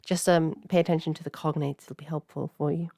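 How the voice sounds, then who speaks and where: A woman's voice: low voice, little pitch movement, fairly quick, warm tone, no echo, clean studio sound. A woman teaching an old language word by word in a patient, explaining manner, with many fillers and self-corrections.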